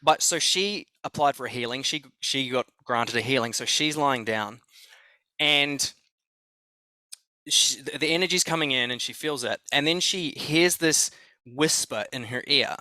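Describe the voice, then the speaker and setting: An Australian man recounts a story on a podcast, excitable and loose with swear words, circling back and repeating himself. His voice is bright and forward at an average pitch. The recording is dry and close. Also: a little slow, no room sound. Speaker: podcast guest. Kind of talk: conversational storytelling.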